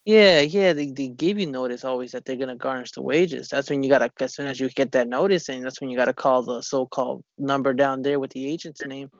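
A man talks in loose, rambling casual chat, full of restarts and curse words. His voice is gravelly and sits in a middle pitch. The recording is dry and close but dull and lo-fi. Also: no room sound. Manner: rambling, profane and halting with many restarts. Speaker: conversation partner.

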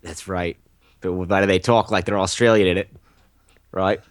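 A man's voice: deep voice, fairly even intonation, normal speed, no room sound. A man co-hosting a movie podcast, rambling and joking with sarcastic asides. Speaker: podcast co-host. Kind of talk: casual movie podcast chat.

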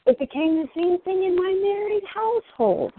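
A woman guest telling her own story candidly, swearing freely and rising in pitch as she speaks. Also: animated, moderate pace, no echo. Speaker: interview guest. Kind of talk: emotional personal storytelling. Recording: dry, tinny phone-like line.

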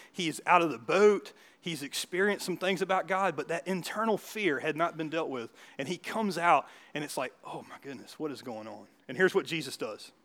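A man preaching a sermon in a church. He talks in a chatty way, keeps asking the crowd questions, and swings from loud bursts to quiet asides. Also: high voice. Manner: conversational preaching with frequent rhetorical questions. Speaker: pastor.

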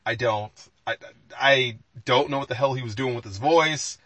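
A man's voice: mid-range voice, normal speed, bright, forceful tone, no room sound, low-quality recording. A man co-hosting a live podcast, talking in a rambling, emphatic way with many restarts and some swearing. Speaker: podcast co-host. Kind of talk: casual chat.

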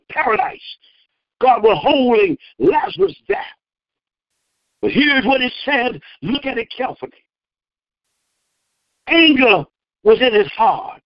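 Fervent high-voiced preacher. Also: male voice, animated, slow, long pauses, no room sound, dull audio. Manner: fervent preaching with sudden loud bursts; acts out the speakers in the verses. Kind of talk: sermon.

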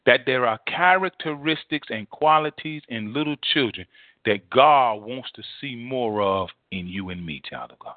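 A man preaching a sermon, emphatic and repetitive, swinging between loud and soft. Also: mid-range voice, lively intonation, normal speed, no room sound. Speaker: pastor. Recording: dry phone-like audio.

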